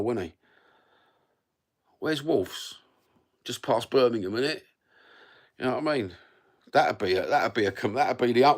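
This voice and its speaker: A man in his fifties with a Cockney accent, chatting and ranting casually on a live stream in a rambling, sweary, blokey way, recorded on a phone. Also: medium pitch. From London. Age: 50s.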